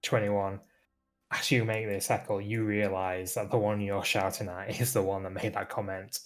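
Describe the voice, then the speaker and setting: A man narrating as game master in a tabletop game, relaxed and lightly amused. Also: lowish voice, moderate pace.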